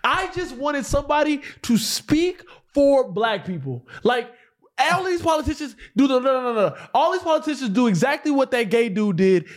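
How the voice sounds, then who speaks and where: A young man with a notably high voice, chatting casually on a livestream. He argues his points stubbornly and breaks into laughs often. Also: big pitch swings, moderate pace. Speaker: stream co-host.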